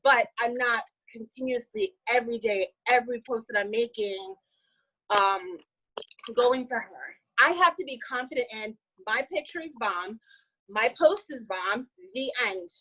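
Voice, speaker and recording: A woman's voice: on the high side, lively intonation, a little slow, bright, forceful tone, low-quality recording. A woman giving an upbeat, emphatic motivational talk to her sales team, speaking casually. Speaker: network marketing team member.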